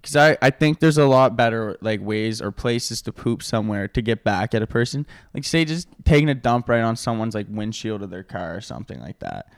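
A man's voice: on the low side, lively intonation, fairly quick, few pauses, no echo. A man co-hosting a comedy podcast. He rambles, laughs a lot and keeps restarting his sentences in casual banter. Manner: rambling, laughs often, lots of fillers and restarts. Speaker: podcast co-host.

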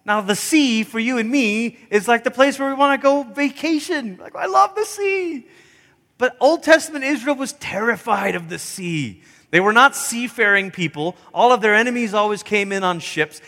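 A male pastor with a high voice and a bright, forceful tone delivers an animated sermon. He acts out voices and breaks into snatches of song as he preaches. His voice carries a long reverb from a church sanctuary. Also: normal speed.

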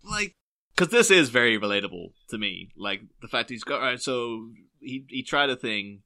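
Brief: young male podcast co-host, bright timbre, chatty and rambling. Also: medium pitch, normal speed. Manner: animated, rambling with many fillers and restarts. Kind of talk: casual film discussion.

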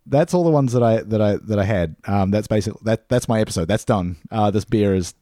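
A man co-hosting a casual podcast chat over beers, relaxed and halting, often repeating words. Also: fairly low pitch, no echo, clean studio sound. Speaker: podcast co-host.

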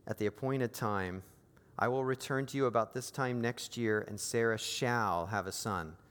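A man preaching a sermon as pastor, moving from quiet, intimate lines to raised, emphatic appeals. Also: mid-range voice, moderate pace, big-room sound.

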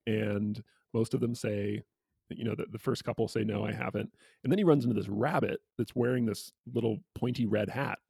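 A man co-hosting a casual book discussion, retelling a picture book and slipping into quick quoted voices. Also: fairly low pitch, gravelly, warm tone, breathy edge, dry recording. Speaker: co-host.

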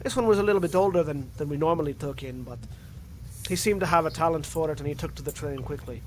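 A man's voice: fairly high pitch, quick pace, darkish tone, a little hiss or hum, natural voice, rough recording. A man voicing a stern male dwarf blood hunter with a Scottish accent that slips toward Russian. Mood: grim. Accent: Scottish drifting into Russian.

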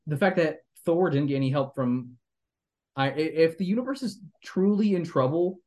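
A man's voice: fairly high pitch, lively intonation, moderate pace, a little mellow. A young man hosting a podcast, rambling critically about a movie with lots of fillers and restarts. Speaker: podcast host. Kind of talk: casual movie review chat.

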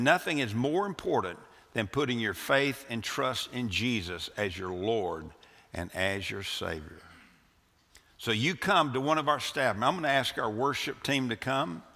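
A male pastor delivers an earnest sermon in a church sanctuary, his bright, forceful voice carrying through a long hall reverb. He often restarts his phrases, swinging up and down in pitch and volume as he presses each point.

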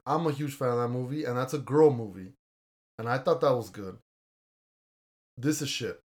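Blunt young man ranting about a movie. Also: fairly high pitch. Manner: blunt, argumentative, swears casually. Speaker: podcast host. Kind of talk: casual chat, movie review.

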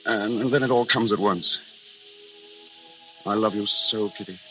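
Young soldier on leave, lovesick, teasing then tender, very bright tone, 1940s radio drama, old broadcast, faint music. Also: male voice, on the low side, a little slow, rough recording. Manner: joking, then earnest and tender.

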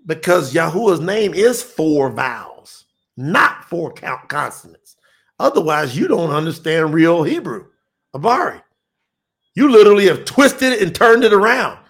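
A man's voice: on the high side, big pitch swings, a little slow, gravelly, fairly bright tone. A man hosting a livestream, teaching on scripture and reading out viewer comments in an emphatic, insistent way. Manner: emphatic, insistent, laughs often.

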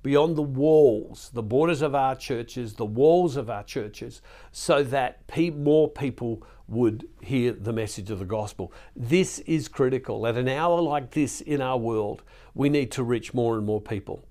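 A man's voice: mid-range voice, unhurried, mellow. A man giving an earnest devotional sermon as a Catholic preacher, pleading with his listeners and often repeating words as he goes. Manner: earnest, pleading, emotional at times.

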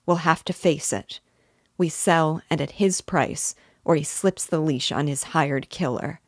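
A woman's voice: low voice, measured pace, no echo, studio quality. A woman reading aloud, voicing a grim male homesteader who is a father.

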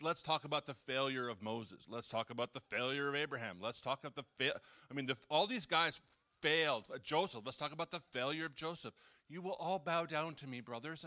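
A man's voice: on the high side, bright, forceful tone. A man preaching a casual, conversational sermon, joking with the congregation and acting out quotes. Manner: chatty, jokes and acts out quotes, talks with the audience. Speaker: pastor. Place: church hall.

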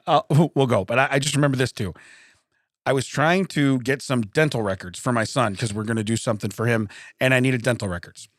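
A man's voice: medium pitch, a bit bright, no echo, clean studio sound. A man co-hosting a podcast, telling funny anecdotes in a casual chat, laughing often and acting out the voices of others. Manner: laughs often, acts out quoted dialogue. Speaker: podcast co-host.

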